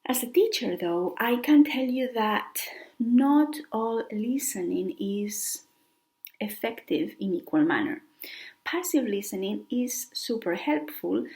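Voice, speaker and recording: A woman with a Spanish accent, a native Spanish speaker, teaching an online language lesson in an unhurried, explanatory way with soft breathy stretches. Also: on the high side.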